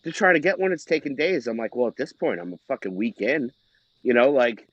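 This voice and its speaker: A man's voice: medium pitch, big pitch swings, fairly bright tone, dry recording. Crude joking man on a lo-fi mic. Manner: crude joking, halting with many fillers. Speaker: podcast co-host. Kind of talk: casual chat. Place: home studio. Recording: dull lo-fi remote mic.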